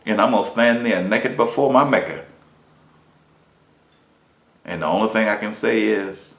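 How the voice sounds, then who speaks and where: Man, minister preaching a lesson, emphatic, rhetorical questions, mid-pitched voice, roomy echo. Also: a little slow, pauses often, a bit bright.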